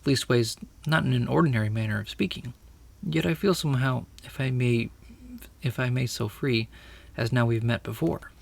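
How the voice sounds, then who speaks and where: A man's voice: medium pitch, moderate pace, creaky. A man voicing a humble, earnest London cabby with a Cockney accent, deferential and plain-spoken. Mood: bashful. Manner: plain-spoken, deferential, homely turns of phrase. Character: humble middle-aged male London cabby, shy and earnest.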